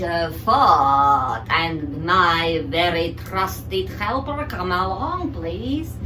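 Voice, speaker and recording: Lady doing a slow drawn-out witch voice, low-ish, echoey room with noise, kinda far off. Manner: drawn-out, theatrical storybook delivery. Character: cackling woman witch, theatrical, friendly. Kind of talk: children's drama lesson role-play.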